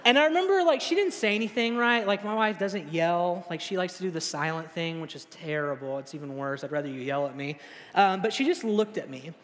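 A man's voice: lively intonation, a little fast, fairly bright tone, echoey room, big-room sound, slight background noise. A young man preaching a sermon in a casual, storytelling way, acting out the people he quotes. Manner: casual, storytelling, acts out quotes with rising pitch. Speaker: pastor.

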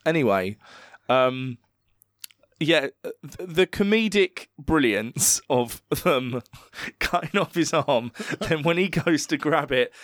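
A man's voice: a little high, lively intonation, slow, a bit bright, no echo, clean studio sound. A man in casual film-review chat with friends, swearing often and laughing as he recaps scenes. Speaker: podcast co-host.

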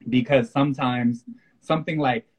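A man's voice: medium pitch, normal speed, breathy edge, rough recording. A man co-hosting a podcast, chatting casually about spirituality and acting out his own reactions as he tells stories. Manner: animated storyteller who acts out his own reactions. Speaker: podcast co-host.

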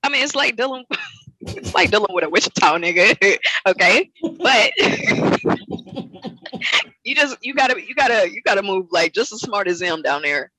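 A woman's voice: mid-range voice, sing-song, moderate pace, pushed and bright, breathy edge, no echo, low-quality recording. A woman, a fitness coach, chatting as a podcast guest, laughing often and talking in loose colloquial speech. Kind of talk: casual chat.

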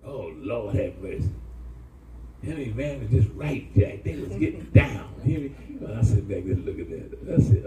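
A middle-aged man pastor, preaching an animated sermon with call-and-response to his congregation. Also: mid-range voice, unhurried, distant mic, a crowd in the background. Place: church hall. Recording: echoey church room, mic from afar, congregation.

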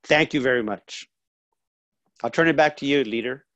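A man sharing his personal story at a recovery meeting, halting and full of restarts. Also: medium pitch, a bit bright, dry recording, lo-fi sound.

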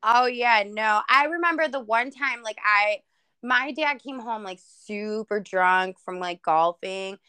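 High, clear-voiced woman podcast co-host. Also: measured pace, bright, forceful tone, no room sound. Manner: incredulous, laughing, swears freely. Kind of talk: casual chat.

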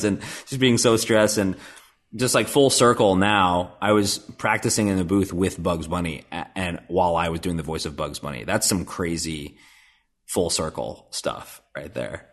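Deep-voiced and talking at normal speed, a man who does voice acting for a living chats on a podcast as a guest. The Nebraskan rambles, puts himself down, and fills his speech with fillers and false starts.

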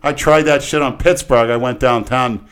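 Here the middle-aged Floridian speaks at a moderate pace with a mid-range pitch, wandering through long podcast yarns. Whenever police appear in the story, he acts out their voices at full volume.

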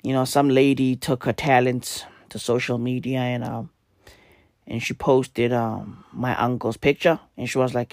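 A man hosting a podcast, with a hoarse, worn-out voice and low energy, talking in a casual, profane comedic rant. He keeps tagging his lines with slang and "right?". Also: flat delivery, unhurried, no room sound, clean studio sound. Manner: profane, repetitive, tags lines with "bruv" and "right?". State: hoarse, voice nearly gone. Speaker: podcast host.

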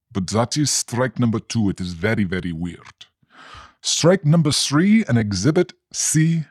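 A man's voice: medium pitch, darkish tone, slightly rough, no echo, clean studio sound. A man co-hosting a podcast, reading a mock-formal comedic open letter in stiff phrasing without contractions.

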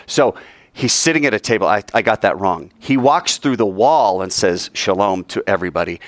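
A man teaching about the Bible and taking questions, playful and animated, acting out scenes with little sound effects. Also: lowish voice, no room sound.

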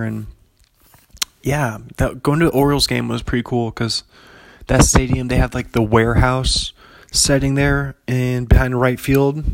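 A man's voice: mid-range voice, gravelly, no echo. A young man chatting casually as a podcast host, rambling with lots of fillers and frequent laughs. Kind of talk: casual chat.

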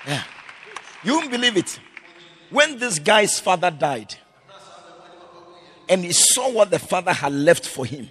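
A man preaching a sermon as pastor, swinging between loud shouted lines and quiet, low storytelling. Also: sing-song, measured pace, pauses often, some chatter behind.

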